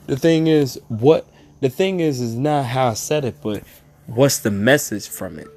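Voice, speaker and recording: A man's voice: medium pitch, darkish tone, slight background noise. A man teaching from scripture in a casual, slangy way, breaking off often to ask if his listeners follow. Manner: slangy, drawn-out emphatic delivery, frequent asides. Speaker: street preacher.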